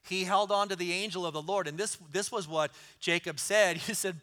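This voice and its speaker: High, bright-voiced preacher man. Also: fairly even intonation, moderate pace, hardly any pauses. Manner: earnest, repeats key lines for emphasis. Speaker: pastor. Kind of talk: sermon.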